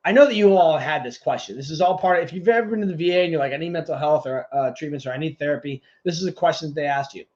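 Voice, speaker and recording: A man's voice: a little high, very fast, few pauses, muffled recording. A man co-hosting a podcast in casual chat, ranting with lots of swearing. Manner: animated, profane ranting. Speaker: podcast co-host.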